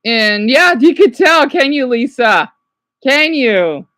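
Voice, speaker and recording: A woman's voice: sits high, sing-song, slow, a bit bright, no room sound. A woman streaming casually, rambling and chatting to viewers by name as she reacts to a video. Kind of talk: casual live-stream chat.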